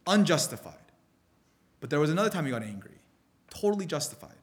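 Brief: male preacher, slightly high pitch, animated sermon storytelling with frequent restarts. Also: fast.

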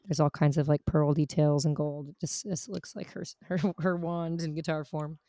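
A woman guitarist chatting casually on a podcast, relaxed and rambling with many fillers, her voice tired from long sessions. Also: deep voice, normal speed, no room sound, clean studio sound. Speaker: guest guitarist. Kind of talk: casual chat.

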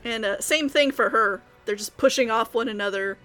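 A woman with a slightly high voice narrates a tabletop role-playing game as its game master. She paints each scene in vivid detail, with soft music playing faintly behind her. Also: moderate pace.

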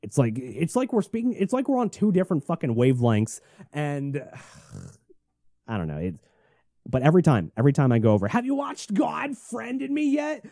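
A man's voice: mid-range voice, very animated, brisk, long pauses, mellow, no room sound, studio quality. Profane, rambling man venting on a solo podcast. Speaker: podcast host. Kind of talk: late-night solo podcast rant.

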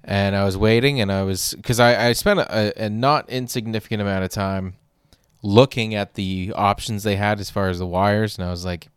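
A young man tells a rambling, exasperated comedic story, swearing casually as he goes. His voice sits a little low and sounds smooth and clear. The recording is dry and close, with no room sound. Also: steady tone, normal speed, no room sound. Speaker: podcast host.

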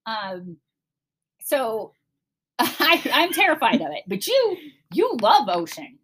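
A woman's voice: on the high side, slow, breathy edge. A middle-aged woman from Cleveland, chatting casually with her daughter and telling family stories with laughter and acted-out panic. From Cleveland, Ohio. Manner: animated, laughing, acts out her own panicked voice. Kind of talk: casual storytelling chat.

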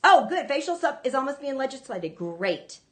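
A woman's voice: sits high, very animated, moderate pace. A woman hosting a ministry show, preaching to viewers in an earnest, emphatic way, often repeating herself. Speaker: ministry host.

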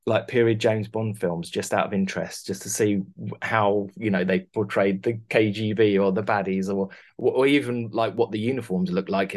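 A man's voice: lowish voice, a little mellow. A man, a costume designer talking casually in an interview, rambling with many restarts. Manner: rambling, many restarts, laughs through stories.

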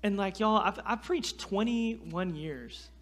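A man, telling a story in a sermon in an animated, self-deprecating way. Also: sits high, slow. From North Carolina. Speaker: guest preacher.

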